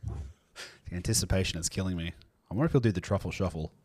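A man's voice: low-pitched, quick pace, darkish tone, breathy edge. A man hosting a casual video call, joking, swearing and laughing often. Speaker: host.

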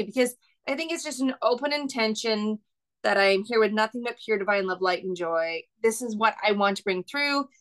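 A woman's voice: a little high, fairly bright tone, low-quality recording. A woman co-hosting a podcast as a medium, talking in a casual, reflective and thoughtful way. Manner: reflective and thoughtful, agreeing often. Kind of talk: casual chat.

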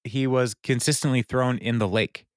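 A man's voice: mid-range voice, fairly even intonation, moderate pace, no room sound, clean studio sound. A man co-hosting a podcast, casually recapping scenes and briefly acting out the characters' lines. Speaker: podcast co-host.

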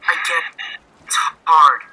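A man speaks at a measured pace in a pushed, bright voice, playing an earnest crewmate in grief. He sounds earnest and consoling as he comforts his captain over the death of the captain's brother. The audio comes through a lo-fi, phone-like line.

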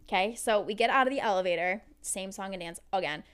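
A woman co-hosting a podcast, telling a story in an animated, casual way and swearing freely. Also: medium pitch, fast, clean tone. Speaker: podcast co-host.

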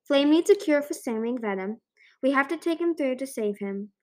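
Lady doing a nervous clever young boy dragon, earnest, a bit high, storybook voice. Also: expressive, normal speed, darkish tone.

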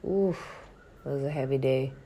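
Low, gravelly woman, candid and frank. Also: normal speed, warm tone. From northern India. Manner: frank and profane, reflective. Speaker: actor. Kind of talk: candid personal storytelling.

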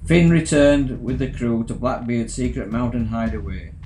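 A man narrating a children's adventure story in a measured, even way. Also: medium pitch, echoey room, faint music behind. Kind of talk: scripted narration.

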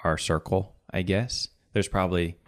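Low-voiced young man musing on friendship. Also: fairly even intonation, normal speed. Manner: reflective, joking. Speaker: podcast co-host. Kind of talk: casual chat.

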